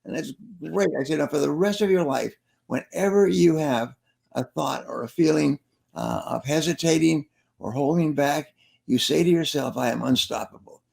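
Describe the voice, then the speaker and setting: Man, motivational sales speaker, gravelly voice, emphatic, repeats lines, telling stories in an interview. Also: fairly high pitch, moderate pace, darkish tone. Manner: emphatic, repeats key phrases. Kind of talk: interview storytelling.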